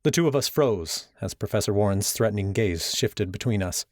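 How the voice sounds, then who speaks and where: A man with a lowish voice reads a first-person novel aloud in an even, steady manner. The sound is close and dry, with no room around it. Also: moderate pace, no echo. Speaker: audiobook narrator. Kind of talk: first-person fiction narration.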